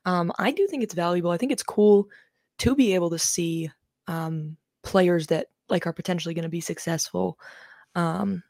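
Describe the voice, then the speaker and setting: A woman's voice: fairly low pitch, normal speed, creaky, a little mellow, no echo, studio quality. A young woman co-hosting a casual podcast chat, rambling with lots of "um" fillers and easy swearing. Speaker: podcast co-host.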